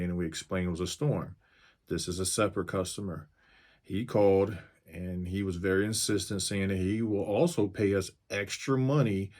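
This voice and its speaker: A mobile mechanic in his fifties, with a lowish voice, recounts to camera a pushy customer's phone call, speaking firmly, bluntly and straight to the point.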